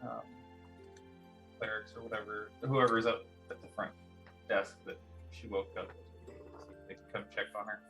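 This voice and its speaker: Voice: medium pitch, little pitch movement, normal speed, pauses often, pushed and bright, faint music behind. A player in a tabletop game, describing their character's actions casually with lots of fillers.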